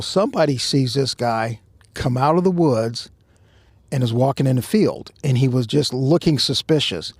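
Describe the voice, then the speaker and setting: A man co-hosting a podcast, casually telling a story outdoors at a truck stop and shouting out the quoted lines. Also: mid-range voice, gravelly, slightly rough, no echo.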